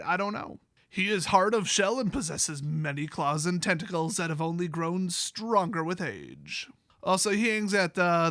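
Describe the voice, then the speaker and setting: A man's voice: sits high, a bit bright, no room sound, studio quality. A man with a Wisconsin accent, hosting a comedic review and reading passages aloud with sarcastic, joking asides. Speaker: YouTube host. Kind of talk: comedic card lore review.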